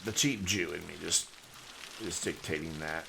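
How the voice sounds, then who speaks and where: A man's voice: sits low, moderate pace, creaky, noisy background. A man streaming a city-building game, chatting casually and thinking aloud as he plays, his sentences rambling and trailing off. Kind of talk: casual live gameplay commentary.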